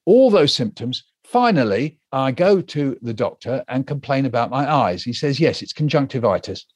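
Older male storyteller, animated, plays the other people's voices, dry studio mic. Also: mid-range voice, moderate pace, no room sound. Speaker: guest author. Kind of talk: storytelling interview answer.

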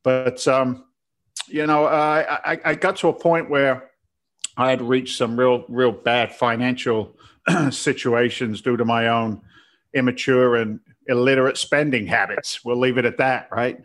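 A middle-aged man from England speaks as an interview guest in a loose, candid way. He is self-deprecating and keeps restarting his sentences with fillers. His voice sits at an ordinary pitch. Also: steady tone, a little slow, fairly bright tone. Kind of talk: casual interview chat.

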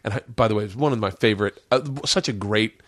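A man's voice: lowish voice, quick pace, noisy background. A middle-aged man hosting a podcast, chatting casually and rambling through a family story. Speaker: podcast host. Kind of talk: casual chat.

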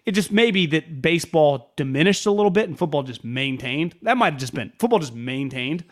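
A man co-hosting a football podcast, riffing fast with opinions and stats. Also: on the high side, animated. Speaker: podcast co-host. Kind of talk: casual sports chat.

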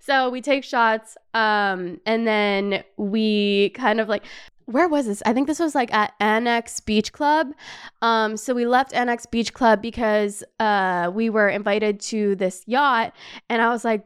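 A young woman hosting a podcast, telling a travel story in a casual, animated way, laughing often and swearing freely. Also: fairly high pitch, measured pace, clean tone. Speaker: podcast host.

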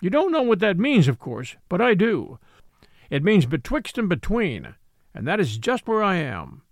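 A man voicing a gentle, thoughtful old elephant. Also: high-pitched, wildly swooping pitch, normal speed, vocal fry, no room sound, clean studio sound, exaggerated voice. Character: old gurgly elephant, gun-team beast, timid and thoughtful.

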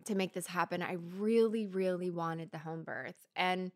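Chatty woman with a lowish voice. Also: normal speed. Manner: chatty, laughs often, many fillers. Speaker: podcast co-host. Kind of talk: casual chat.

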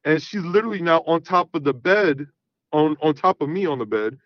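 A man's voice: a little high, lively intonation, brisk, dry recording, dull audio. A man in his thirties telling a long personal story in casual chat, rambling and often saying "you know what I mean". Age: 30s. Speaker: guest.

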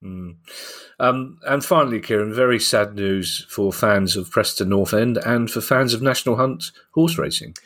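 A man's voice: fairly low pitch, normal speed, fairly bright tone. A man hosting a football podcast, chatty and easily amused as he runs through the stories. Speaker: podcast host. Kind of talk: casual football news chat.

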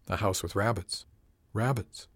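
A man voicing a weak, feverish old woman who talks in short, halting phrases in an audiobook. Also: on the low side, slightly rough, no room sound. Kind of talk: audiobook character reading.

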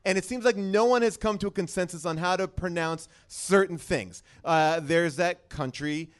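A man's voice: sits high, normal speed, clear, resonant tone. A man on a panel laughing and joking while airing a complaint in casual chat.

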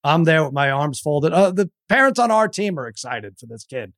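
A man's voice: fairly high pitch, very animated, moderate pace, fairly bright tone, no room sound, clean studio sound. A middle-aged man telling a story in casual podcast chat, stammering and acting out the people he quotes. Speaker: podcast guest.

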